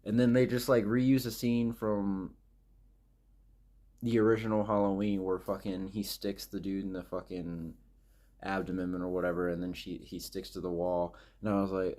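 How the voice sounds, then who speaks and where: A man's voice: sits low, flat delivery, moderate pace, warm tone. A man ranting casually about a movie, profane and exasperated, rambling and jumping between points. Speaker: movie reviewer. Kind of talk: casual rant.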